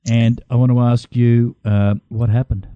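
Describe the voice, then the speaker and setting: An earnest man co-hosts a casual talk show. His tone is very dark and mellow, and the sound is dry and close. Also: medium pitch, little pitch movement, measured pace, clear, resonant tone, dry recording, lo-fi sound. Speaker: co-host. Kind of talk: casual radio talk, reading aloud.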